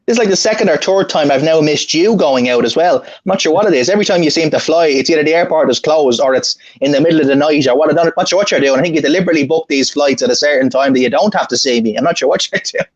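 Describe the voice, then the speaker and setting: A man on a video call, telling a story quickly and joking and laughing as he goes. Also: on the high side, highs cut off. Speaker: guest. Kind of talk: casual chat on a video call.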